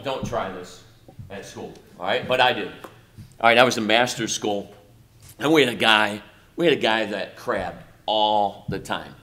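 A middle-aged male pastor with a mid-range voice preaches in a college chapel, animated and swinging between loud and soft, tossing in mocking asides.

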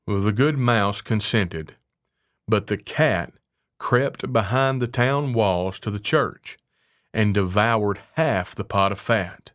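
A man reading a fairy tale aloud in a measured, unhurried way. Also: on the low side, a bit bright, dry recording, clean studio sound. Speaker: narrator.

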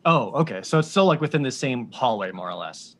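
A man playing a tabletop game, describing his character's moves in an excitable, rambling way full of fillers. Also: medium pitch, brisk. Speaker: player. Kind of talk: casual tabletop play.

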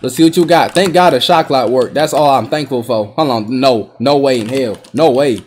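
A young man giving excitable, trash-talking commentary while playing a basketball video game, swinging between low mutters and sudden yelps. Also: normal speed, slight background noise. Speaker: gaming YouTuber. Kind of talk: live gameplay commentary.

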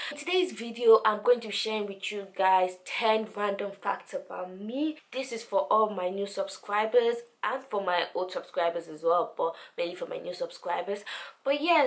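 Chatty young woman vlogging. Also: medium pitch. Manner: chatty and animated, repeats words for emphasis. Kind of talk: casual chat to camera.

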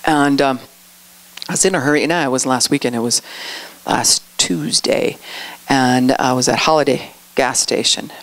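A woman's voice: rumbling low, moderate pace. A middle-aged woman giving a conversational sermon, telling stories and acting out quoted lines. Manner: storytelling, acts out quotes with animated voices. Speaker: speaker at a church outreach.

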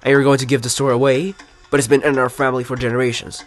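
A sulky young gangster nephew from a video game , read out by a man in his ordinary voice. The lines come out flat and casual at a middle pitch, with faint music in the background. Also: fast talker, natural voice. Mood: aggrieved.

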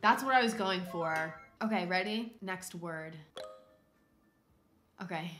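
A woman streaming a drawing game, chatting casually and excitably, rambling with lots of "like" and loud exclamations. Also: lowish voice, slow pace, faint music behind. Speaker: livestreamer. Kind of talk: casual livestream chat while drawing. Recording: roomy echo.

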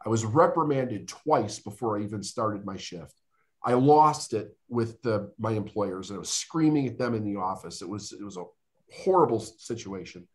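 A man's voice: fairly low pitch, expressive. Earnest man telling a hard-times story. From United States. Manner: earnest, emotional storytelling with dramatic pauses. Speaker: podcast guest. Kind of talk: storytelling interview.

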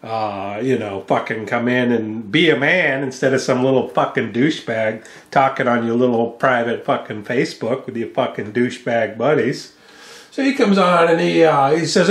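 In a reverberant space, an American vlogger with a mid-range voice rants at a moderate pace. Cursing and mocking someone in his profane home vlog, he speaks into a studio mic connected to a mixing board.

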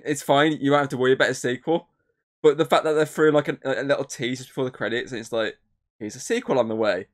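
A man co-hosting a podcast, rambling through a film recap with lots of fillers and swearing. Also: on the high side. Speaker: podcast co-host. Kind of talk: casual podcast chat.

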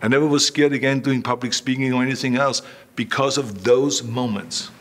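A man's voice: medium pitch, steady tone, fairly quick. An older man telling anecdotes in an interview, repeating himself and acting out voices he quotes. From Austria. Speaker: interview guest. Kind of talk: storytelling in an interview.

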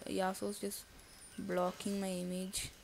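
A woman's voice: medium pitch, completely flat delivery, slow pace, darkish tone, slight background noise. A woman giving casual live commentary on her own gameplay. She thinks aloud and breaks into nervous outbursts. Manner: casual slangy talk to viewers. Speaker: gaming YouTuber.

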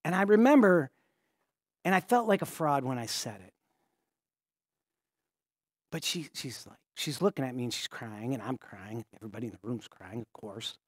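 A male pastor tells a story during a sermon in a conversational way, often stopping and restarting sentences and dropping to a hushed voice. His medium-pitched voice is animated at a moderate pace, with long pauses, recorded in clean studio sound with no echo.

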